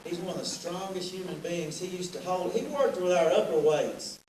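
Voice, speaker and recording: Middle-aged man, raised pitch, joking roast anecdotes; distant echoey hall, noisy. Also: moderate pace. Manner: joking storyteller, rambling anecdotes. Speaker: athletic director. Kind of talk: roast speech. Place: large banquet hall.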